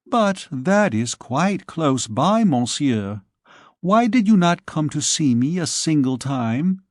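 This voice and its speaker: Brief: a tender, pleading young noblewoman, read by a man, lifted and slow, for an audiobook. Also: fairly high pitch, sing-song, no room sound, studio quality, voice pushed up. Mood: reproachful. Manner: coaxing, pleading questions. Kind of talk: audiobook character voice.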